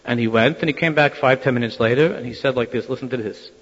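A man's voice: medium pitch, fast talker, a little hiss or hum. Guy telling a hasidic story, doing everyone's voices, muffled lo-fi sound with a long hall echo. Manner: animated, acts out quoted voices. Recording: dull lo-fi sound in a reverberant hall.

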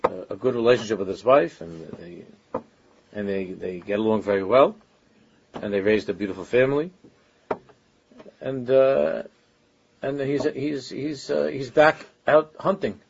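A man's voice: mid-range voice, measured pace, gravelly, pauses often, dull audio, slight background noise. A man giving an informal Torah lecture as a religious teacher, talking earnestly and conversationally and often stopping to restart his sentences.

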